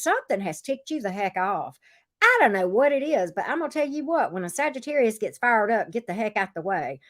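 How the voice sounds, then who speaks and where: Animated woman giving a chatty tarot reading. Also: on the high side, normal speed. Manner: chatty, talks straight to the viewer, repeats phrases; playful teasing with exclamations. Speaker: tarot reader. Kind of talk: casual tarot reading addressed to viewers.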